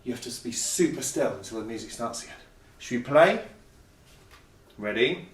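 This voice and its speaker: A man's voice: mid-range voice, animated, normal speed. A man leading a children's music lesson, playful and cheerful, asking the young audience questions as he goes. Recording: echoey room, mic at a distance.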